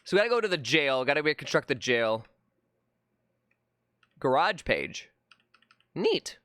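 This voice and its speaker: A streamer giving live gameplay commentary, jokey and exasperated, swearing and breaking into loud outcries. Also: medium pitch, very animated, unhurried, dry recording.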